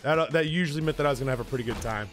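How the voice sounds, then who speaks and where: A man's voice: medium pitch, very fast, fairly bright tone, soft background music. Rambling, profane male storyteller. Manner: rambling, profane, self-interrupting. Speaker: streamer. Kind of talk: casual drinking-story storytelling.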